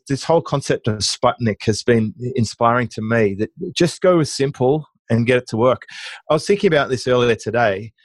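A middle-aged man being interviewed as a guest, telling business anecdotes in a lively conversational way with frequent restarts. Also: medium pitch, no room sound. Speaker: guest, online marketing business owner.

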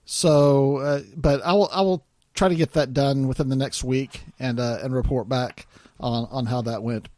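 A podcast co-host from Arkansas in the United States chats casually in a mid-range, slightly mellow voice with fairly even intonation. He talks at normal speed with no room sound, sounding hesitant, with lots of fillers and restarts.

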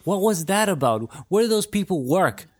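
A man in casual podcast chat, venting with rapid-fire rhetorical questions. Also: high-pitched, sing-song. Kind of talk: casual movie-review chat.

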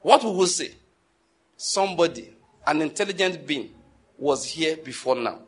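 A man with a notably high voice delivers a sermon, driving his points home by repeating them. He peppers the listener with rhetorical questions and swings between hushed and forceful delivery. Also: normal speed, breathy edge. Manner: emphatic, repeats key phrases, asks the audience rhetorical questions; wide swings in loudness between calm and forceful. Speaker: preacher.

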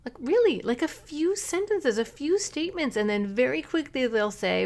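A middle-aged woman hosting a parenting podcast, talking earnestly and coaching listeners with quick asides. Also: high voice, animated, darkish tone. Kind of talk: solo podcast talk.

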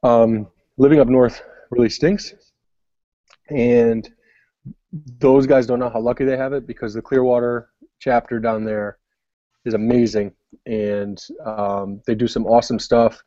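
A man's voice: mid-range voice, little pitch movement, measured pace, pauses often, warm tone, no echo, lo-fi sound. A young adult man telling a long story in casual podcast chat, rambling with many fillers. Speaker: podcast co-host.

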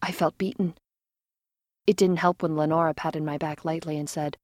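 A woman tells a first-person story in a low voice at normal speed. Her delivery is dramatic and expressive, and she drops to a whisper when the moments turn tense.

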